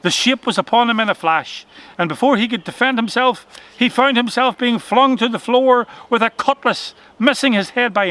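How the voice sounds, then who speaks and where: Male children's-story narrator, expressive and dramatic, bright tone. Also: high-pitched.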